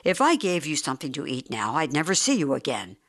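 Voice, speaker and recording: Brief: reader putting on a smug, prosperous bully of a homeowner, gruff and lecturing, mid-pitched storybook voice. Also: big pitch swings, brisk, fairly bright tone. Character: prosperous, self-righteous man, bullying homeowner.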